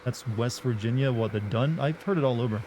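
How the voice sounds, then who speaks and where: A man's voice: mid-range voice, brisk, warm tone, slight background noise. A young man from the Southern United States with a slight Southern US accent, chatting casually and rambling while streaming a game. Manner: chatty, rambling, self-deprecating. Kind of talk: casual live-stream gaming chat.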